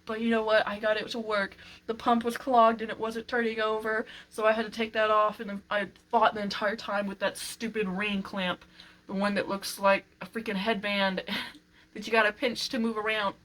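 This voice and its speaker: A woman's voice: mid-range voice, little pitch movement, moderate pace, fairly bright tone, poor audio. Rambling, exasperated woman vlogging at home. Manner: rambling, exasperated, laughs often, says "freaking". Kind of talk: casual chatty vlog. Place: home, working on a furniture project.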